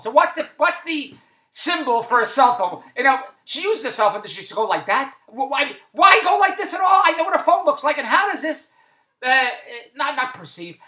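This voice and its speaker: A woman's voice: sits high, sharp tone. A woman in an exasperated comedic rant, stammering restarts and asking the same questions over and over. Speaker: comedic monologuist. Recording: echoey room.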